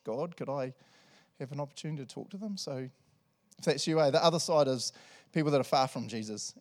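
Animated New pastor preaching. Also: male voice, medium pitch. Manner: animated, jokey, swings between loud and soft. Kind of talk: sermon. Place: church service.

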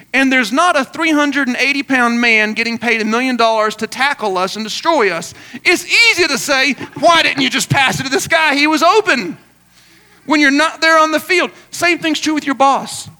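A man's voice: extremely high pitch, sharp tone. A male pastor preaching a sermon in an earnest, conversational way, often repeating words as he talks.

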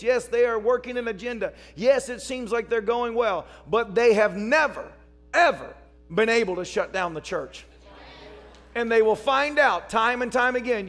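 A man preaching a sermon as pastor, telling stories and rising to shouts. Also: very high voice. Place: church service.

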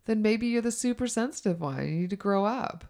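A woman's voice: fairly high pitch, expressive, a little fast, darkish tone. A woman co-hosting a casual podcast chat, frank and chatty, who swears casually. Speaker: co-host.

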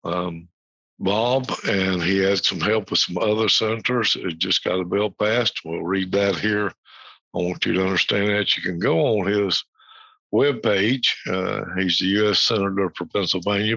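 A man's voice: low voice, steady tone, moderate pace, vocal fry, sharp tone, no room sound. A man from the United States hosting a podcast, talking informally about a news topic with many fillers and restarts. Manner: rambling, frequent fillers, reads quotes aloud. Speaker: podcast host. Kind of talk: informal educational talk. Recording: dull lo-fi dry recording.

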